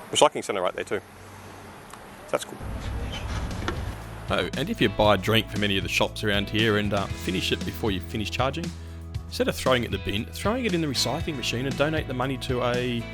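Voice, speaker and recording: An upbeat Australian man hosting a casual walkaround vlog, his voice sitting in a middle pitch. He talks outdoors at a service station, with clear music playing behind him. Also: lively intonation, fairly quick, pauses often. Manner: chatty, upbeat presenter. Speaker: EV channel host.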